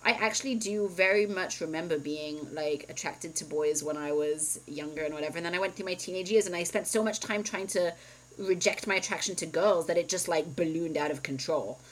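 A woman's voice: on the low side, brisk, low-quality recording. A woman in her thirties, co-hosting a podcast and candidly telling a personal story in casual chat, full of "like" and "um". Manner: candid, chatty storytelling with frequent "like" and "um". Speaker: podcast co-host.

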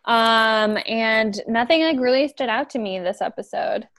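A woman's voice: a little high, a little slow, a bit bright, no echo. A woman co-hosting a podcast, chatting casually and agreeably about a TV show. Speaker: podcast co-host.

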